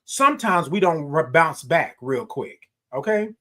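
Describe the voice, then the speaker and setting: A middle-aged man hosting a live morning show, talking in an animated, preacher-like way, repeating phrases and reading viewer comments. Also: on the high side, measured pace. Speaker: host.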